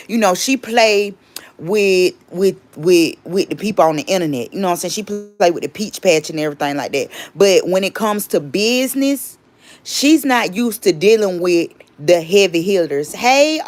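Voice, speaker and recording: Chatty woman livestream host. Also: medium pitch. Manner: chatty, rambling, greets and thanks viewers. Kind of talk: casual livestream chat.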